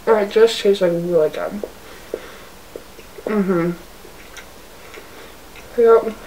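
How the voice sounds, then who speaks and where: Warm and mid-range, her voice holds a steady tone as she draws out her words. She's a mukbang vlogger eating in her apartment, chatting loosely with plenty of "like," recorded on the camera's zoomed-out mic from afar with faint hiss.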